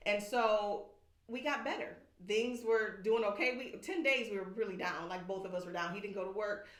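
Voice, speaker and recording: A woman's voice: medium pitch, moderate pace. A woman, a podcast guest, candidly telling an emotional personal story and acting out what others said. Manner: candid, animated, acts out quoted voices. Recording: echoey room.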